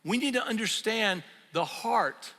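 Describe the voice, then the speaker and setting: An older man preaching a sermon, telling the story in a lively, conversational way. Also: sits high, measured pace. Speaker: pastor. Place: church sanctuary. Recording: reverberant church hall.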